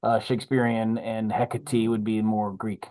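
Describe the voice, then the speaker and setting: A man's voice: medium pitch, fairly even intonation, moderate pace, a little mellow, low-quality recording. A man in a casual tabletop gaming chat, explaining ideas in a thoughtful, searching way.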